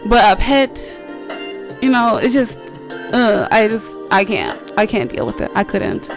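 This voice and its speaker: A woman's voice: mid-range voice, big pitch swings, a little slow, gravelly, soft background music. A woman streamer chatting casually while playing a game, rambling through stories with lots of filler words, swearing freely and laughing often.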